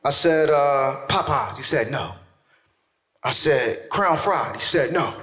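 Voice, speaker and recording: A man doing stand-up comedy, telling a story to a live crowd, loud and animated, jumping into shouted character voices. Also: mid-range voice, slow. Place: stage in a theater. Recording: echoey theater with faint noise.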